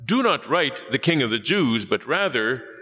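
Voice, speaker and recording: A man's voice: mid-range voice, big pitch swings, normal speed, sharp tone, slightly rough, big-room sound, heavily acted. A man voicing scornful, mocking chief priests in a raised, sneering tone.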